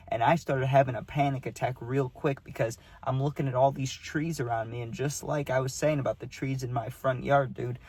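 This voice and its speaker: A young man tells a wild personal story straight to his viewers. His voice sits at a middle pitch, and he keeps it loose and slangy, dropping "dude" between lines. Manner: slangy, animated, says "dude" often. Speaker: vlogger. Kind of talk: casual storytime monologue.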